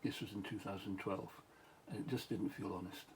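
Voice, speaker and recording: A man's voice: on the low side, fairly even intonation, brisk, a little hiss or hum, low-quality recording. Tired Scottish man rambling late at night. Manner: meandering, many restarts and asides, chuckles. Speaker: vlogger, former police officer.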